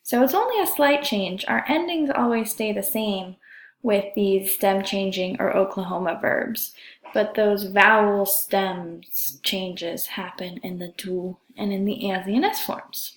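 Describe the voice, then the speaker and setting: A woman teaching a German grammar lesson, carefully drawing out each example word. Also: medium pitch. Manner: slow, careful, drawn-out pronunciation of examples. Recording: echoey room.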